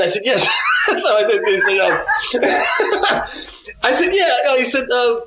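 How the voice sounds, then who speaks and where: A man's voice: extremely high pitch, wildly swooping pitch, measured pace, sharp tone, echoey room, shouting, a little hiss or hum, rough recording. A man guesting on an interview, telling stories in a casual way and acting out the other people's lines. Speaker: musician guest.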